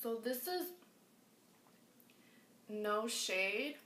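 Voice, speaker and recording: A woman vlogging a casual makeup review, gushing and excitable, often repeating herself. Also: on the high side, extremely slow. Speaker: beauty vlogger. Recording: echoey room with faint background noise.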